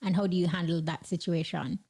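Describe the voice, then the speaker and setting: A woman hosting a radio show, interviewing a guest and running the on-air links in an upbeat, brisk presenter manner. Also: lowish voice, fairly even intonation, a little mellow, husky. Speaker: radio host.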